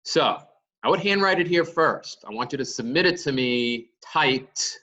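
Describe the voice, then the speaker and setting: A man's voice: mid-range voice, animated, a little slow, sharp tone, recorded from a distance, dull audio. A male teacher giving a lecture, explaining step by step and answering his own questions. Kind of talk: classroom lecture.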